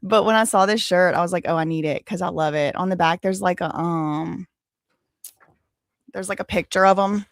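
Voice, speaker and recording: A woman in her thirties hosts a livestream, chatting casually with viewers and rambling with plenty of fillers. Her voice sits lowish and moves at a moderate pace. She speaks into a desk microphone while wearing headphones, and the sound is clean and studio-like with no room echo.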